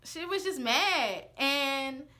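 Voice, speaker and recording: A young woman telling a personal story to her camera in a casual storytime chat, sassy and animated, acting out what others said. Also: sits high, extremely slow. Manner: sassy, animated, acts out the quoted lines.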